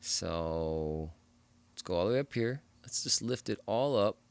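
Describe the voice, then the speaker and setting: A man hosting a music production tutorial, explaining step by step in a relaxed, casual way as he works. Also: lowish voice, unhurried, gravelly, smooth. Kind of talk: casual screen-recorded tutorial.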